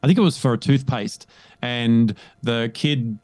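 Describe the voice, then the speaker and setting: A man speaking as a coach in a conversational interview, emphatic and animated, often checking in with "right?". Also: medium pitch, unhurried, no room sound. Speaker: guest, leadership coach.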